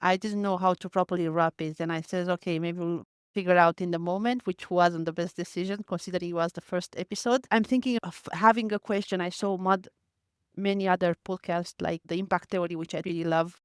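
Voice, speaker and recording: A podcaster with a smooth, clear voice at a middle pitch, thinking aloud in a careful, slightly hesitant way and stopping to correct words. The recording is close and dry. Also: fairly even intonation, fairly quick, dry recording. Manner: thoughtful, a little hesitant, self-correcting. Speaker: podcast host receiving advice. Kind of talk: casual interview reply.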